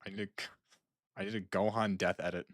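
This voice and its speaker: A young man with a low, deep voice rambles and jokes as he reacts to videos, restarting and trailing off. The sound is close-miked and dry, with no room echo. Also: level tone, fairly quick. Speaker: streamer. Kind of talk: casual chat reacting to videos.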